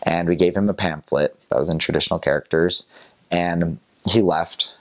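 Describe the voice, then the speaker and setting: A man's voice: low-pitched, steady tone, normal speed, a bit bright. A young man casually telling a personal story about his missionary days, chatty, with frequent small laughs and fillers. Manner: chatty, laughs often between phrases, fillers like "like" and "kinda".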